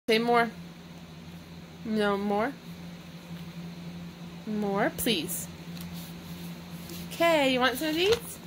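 High slow-talking young mom, coaxing baby talk. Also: female voice, vocal fry, noisy background. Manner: sing-song baby talk, coaxing and praising. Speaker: mother filming her toddler. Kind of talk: casual home vlog.

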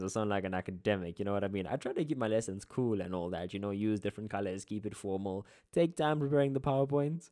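A man's voice: fairly low pitch, quick pace, warm tone. A young man with a South African Durban accent, walking through exam answers as a geography tutor in a casual lesson, with chatty asides and playful slang.

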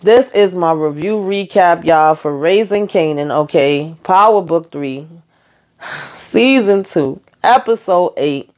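A woman hosting her own TV show recap, talking in a sassy, animated way straight to her viewers. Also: on the low side, slow pace. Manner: animated, sassy, talks to viewers as y'all and honey. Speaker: TV recap host. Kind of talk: casual recap chat.

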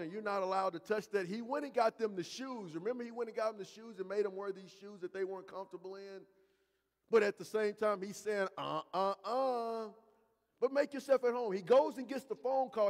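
A man preaching a sermon as pastor, emphatic and slow in places, repeating phrases and calling out to the congregation. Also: high-pitched, darkish tone, big-room sound. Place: church sanctuary.

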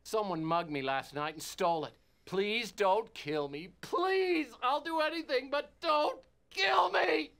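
A man's voice: very high voice, a little slow, vocal fry, few pauses, sharp tone, slight background noise, heavily acted. An actor playing a down-on-his-luck male private eye in a video game, trading wisecracks and pleading. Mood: panicked. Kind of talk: full-motion video game acting.

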